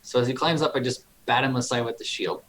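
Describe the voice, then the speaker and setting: A man playing a tabletop game, calmly explaining his character's actions. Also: medium pitch, fast talker, a little hiss or hum, rough recording. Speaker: player. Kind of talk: casual tabletop play.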